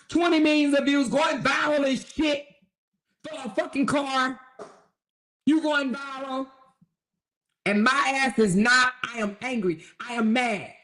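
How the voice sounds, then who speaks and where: A woman's voice: high voice, fairly bright tone. A woman mocking a bitter, ranting ex-husband. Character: bitter spiteful ex-husband, middle-aged man, self-pitying. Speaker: commentary host. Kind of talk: satirical commentary role-play.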